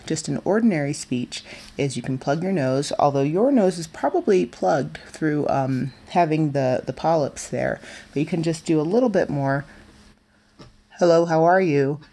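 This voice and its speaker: A young woman teaching voice in a chatty, informal way, pausing with fillers and correcting herself. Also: low-pitched, warm tone. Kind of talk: casual spoken singing lesson.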